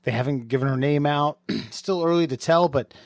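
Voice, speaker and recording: A man on a comedy podcast who rambles and restarts his sentences, mixing swearing with dark humor. He sits at a middle pitch. The sound is dry and close to the mic. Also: moderate pace, dry recording. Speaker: podcast co-host. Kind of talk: casual comedic chat.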